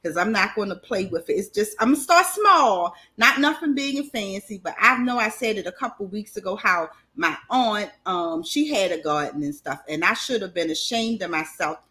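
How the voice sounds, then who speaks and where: A woman's voice: medium pitch, lively intonation, moderate pace, few pauses, sharp tone. A woman from Maryland with a Southern lilt to her speech, hosting a casual online chat and laughing often. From Maryland, USA. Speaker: host.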